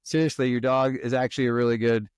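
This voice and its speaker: Male podcast guest, expressive storyteller, mid-range voice, close dry mic. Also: medium pitch, fast talker, clean tone, no room sound. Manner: animated storyteller who acts out worried inner monologues. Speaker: guest, resilience expert and author. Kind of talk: conversational podcast interview.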